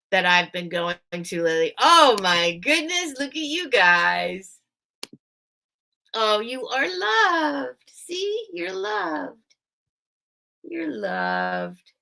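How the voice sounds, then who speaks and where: A woman with a medium-pitched, gravelly voice and a sharp tone hosts a casual live vintage sale from home. She chats and thinks aloud directly to her viewers in easygoing live-stream selling talk.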